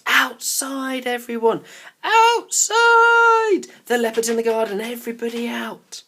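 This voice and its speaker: A male teacher reading a children's novel aloud with expressive delivery, dropping to a whisper at tense moments. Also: medium pitch.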